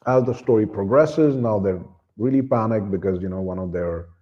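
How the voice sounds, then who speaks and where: A man's voice: on the low side, moderate pace. A man casually retelling a book's plot in a rambling way, with many restarts and fillers. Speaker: book reviewer. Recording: dull lo-fi recording.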